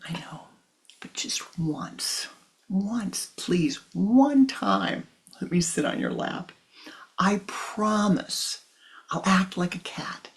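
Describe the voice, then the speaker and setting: Man doing a sly cobra, wheedling, whispery pleading, slow deliberate delivery, gravelly edge. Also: sits high, lively intonation, exaggerated voice. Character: sly emotional male cobra, wheedling and deceitful.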